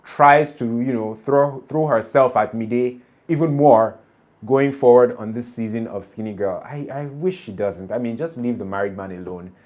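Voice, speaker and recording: A man talks in a casual, animated recap. His voice sits at a medium pitch, and he often chuckles as he shares his opinions. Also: moderate pace. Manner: chatty, animated, laughs often while recapping. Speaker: TV show reaction vlogger. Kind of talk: casual episode recap and commentary.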